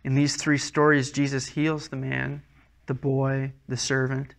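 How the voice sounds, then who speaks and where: A man's voice: medium pitch, little pitch movement, measured pace, vocal fry. A man preaching a sermon as a pastor, earnest and conversational, often restarting his words.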